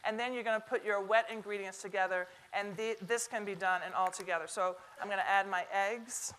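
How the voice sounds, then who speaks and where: A medium-pitched, slightly bright female voice speaks a little fast in a steady tone, with slight background noise. She's a middle-aged woman with a Southern American accent, joking and chatting as she demonstrates cooking in a stage kitchen for a live audience.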